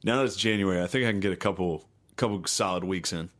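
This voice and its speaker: A man's voice: low voice, quick pace. A man co-hosting a podcast in casual, crude banter, laid-back and laughing often. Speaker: podcast co-host.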